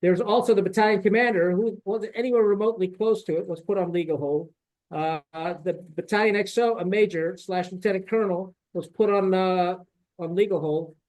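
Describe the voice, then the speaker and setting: Middle-aged man, retired officer type, as a podcast guest: pitched high, blunt and profane, indignant storytelling with lots of "right?". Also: fairly even intonation, brisk, a little mellow, low-quality recording. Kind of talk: candid storytelling in a podcast conversation.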